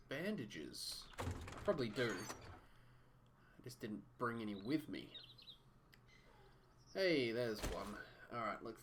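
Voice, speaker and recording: A man's voice: mid-range voice, noisy background. A man casually narrating his live gameplay, muttering to himself, swearing and chatting to viewers. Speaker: game streamer.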